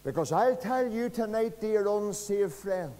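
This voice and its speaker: A man with a Northern Irish accent preaching an evangelistic sermon, earnest and pleading, dropping to a hush and rising again. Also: high-pitched, animated, unhurried. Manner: earnest, pleading, dramatic swings from loud to hushed. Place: church. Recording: long reverb of a church hall.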